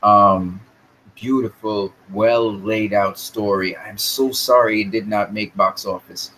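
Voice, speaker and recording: A man with a lowish voice hosts a casual live chat about films, replying to viewers as he goes. His delivery rambles and he repeats words while he searches for a thought. A faint hum of room noise sits under his voice. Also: fairly even intonation, slow pace, a bit bright, poor audio. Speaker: live stream host answering chat.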